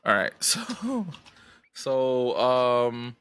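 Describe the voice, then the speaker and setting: A man co-hosting a podcast, joking loudly in casual comedic chat full of slang. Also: medium pitch, extremely slow, smooth. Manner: loud, animated, slangy, joking. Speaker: podcast co-host.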